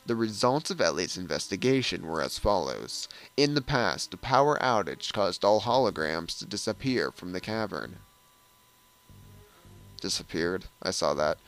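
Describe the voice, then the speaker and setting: A man's voice: deep voice, normal speed, faint music behind, poor audio. A man hosting a let's play, reading game text aloud and adding sarcastic asides. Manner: lively, switches between reading and sarcastic asides.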